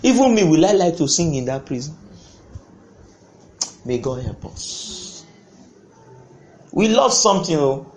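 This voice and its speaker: A man preaching a sermon, impassioned, breaking into sudden loud bursts. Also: fairly high pitch, very animated, a little slow, pauses often, a little hiss or hum.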